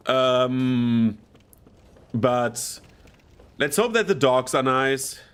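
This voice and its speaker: A man's voice: medium pitch, animated, very slow, clean tone. A man with a German first language chatting casually while playing a game, swearing and laughing often. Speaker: streamer. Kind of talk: casual gameplay commentary.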